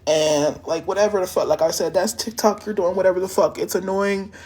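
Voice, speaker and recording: A man's voice: high-pitched, steady tone, a little fast, darkish tone. A man from Harrisburg, Pennsylvania, ranting into his phone on a live stream, heated and profane. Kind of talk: angry live-stream rant.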